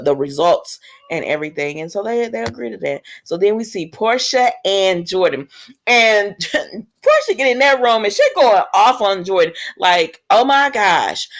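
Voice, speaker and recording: A woman casually recapping a soap episode, acting out the characters' lines and laughing at the drama. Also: medium pitch. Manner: animated, laughs often, acts out characters' lines in quoted voices. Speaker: soap opera recap vlogger.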